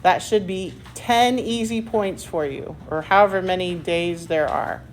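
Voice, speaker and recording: Slow, patient woman math teacher. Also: lowish voice, slight background noise. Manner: slow, patient step-by-step explaining; self-deprecating asides. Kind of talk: classroom algebra lesson. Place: classroom.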